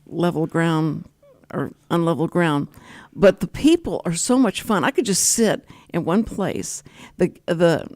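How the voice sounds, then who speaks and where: An older woman with a drawl chats on her radio show, laughing easily as she tells stories. Her voice swings widely in pitch, animated and expressive. The studio sound is dry and close-miked. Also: unhurried, dry recording. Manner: chatty, laughs often, animated storytelling. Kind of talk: casual chat.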